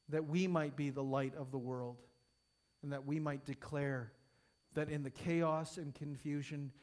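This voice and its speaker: A man preaching a sermon to his congregation, rising to emphatic peaks and falling soft, then leading a prayer. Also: a little high. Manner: emphatic, building and falling in intensity.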